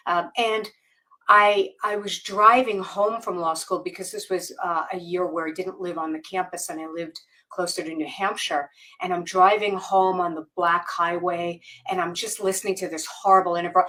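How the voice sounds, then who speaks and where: A woman guest on a podcast interview, telling a personal story candidly and haltingly, with many fillers and restarts. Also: on the low side, steady tone, pushed and bright. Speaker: guest author.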